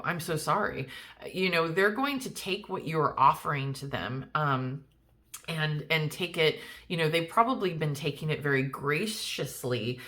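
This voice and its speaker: A woman's voice: low-pitched, a bit bright. A woman giving a casual tarot card reading, chatty and reassuring, talking straight to the viewer with many fillers and restarts. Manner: reassuring, speaks directly to viewer. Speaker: tarot reader.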